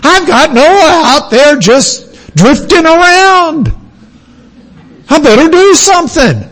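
A man's voice: extremely high pitch, lively intonation, takes it slowly, a bit bright, voice pushed up, full character voice. A man voicing a flustered, forgetful male God in a comic aside, with a raised, panicky voice in a reverberant hall.

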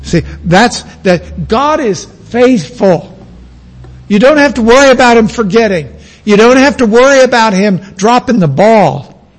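An American man delivers a classroom lecture on biblical languages, speaking emphatically and repeating key words for stress. His very high voice is expressive and measured in pace, with a long reverb tail.

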